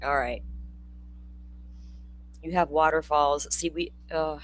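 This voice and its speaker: A woman's voice: low-pitched, takes it slowly. Chatty woman, older. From Florida. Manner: chatty, laughing, swearing, addresses viewers by name. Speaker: true crime channel host. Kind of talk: casual livestream chat.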